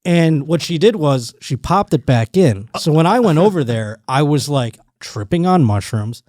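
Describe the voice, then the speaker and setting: A man hosting a podcast, telling a rambling, animated story in casual chat. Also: a little high, moderate pace, no room sound, studio quality. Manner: rambling, animated storytelling with restarts and quoted voices. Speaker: podcast host.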